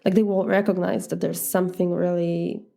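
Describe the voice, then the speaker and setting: A woman's voice: fairly low pitch, little pitch movement, normal speed, vocal fry, warm tone. A woman with a Polish accent, coaching listeners in a direct, casual talk and acting out replies. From Poland. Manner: direct, demonstrates replies aloud. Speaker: life coach.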